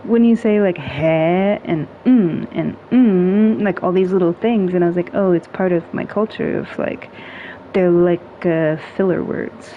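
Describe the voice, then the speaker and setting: A woman in a casual chat, talking in a relaxed, chatty way with many "like"s and little humming sounds. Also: lowish voice, normal speed. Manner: relaxed, chatty, heavy use of "like" and hums; playful with tone, acting out little sounds. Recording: dull lo-fi sound with faint noise.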